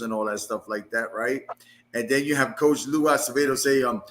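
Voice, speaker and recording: A man's voice: mid-range voice, fairly even intonation, brisk, bright, forceful tone. A man hosting a podcast, talking casually and thanking his guest with lots of fillers. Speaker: podcast host.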